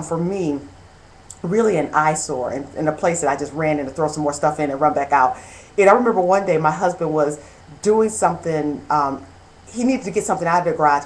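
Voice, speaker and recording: A woman in her thirties hosting a show, telling a personal story in an earnest, animated way, quoting herself as she goes. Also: lowish voice, low-quality recording. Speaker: host. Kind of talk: personal testimony monologue.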